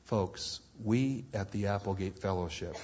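A man preaching a sermon in an animated way, acting out back-and-forth dialogue between God and a reluctant believer. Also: fairly low pitch, unhurried, lo-fi sound, a little hiss or hum.

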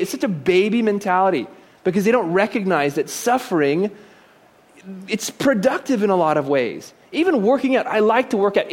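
High-voiced animated preacher man. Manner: animated, joking asides, rhetorical questions. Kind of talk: conversational sermon.

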